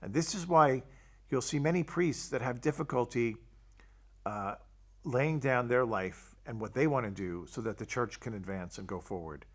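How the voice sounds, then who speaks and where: Speaking at a moderate pace in a mid-range voice, an older Catholic priest shares his personal testimony. He narrates it as a story and performs the quoted dialogue.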